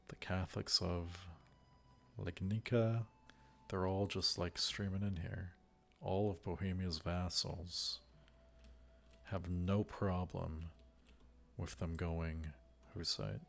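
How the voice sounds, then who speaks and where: A man's voice: low-pitched, vocal fry, a bit bright. A man casually commenting on a strategy game as he plays, musing wryly to himself. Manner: musing, wry, talks to himself while playing. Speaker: let's play gamer.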